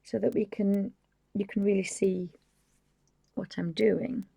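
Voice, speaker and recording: Soft-spoken woman with a gravelly voice. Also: mid-range voice, steady tone, slow, no echo. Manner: soft-spoken, often dropping to a whisper; rambling, apologetic asides. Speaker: craft channel host. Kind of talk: live painting tutorial, casual chat. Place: home desk.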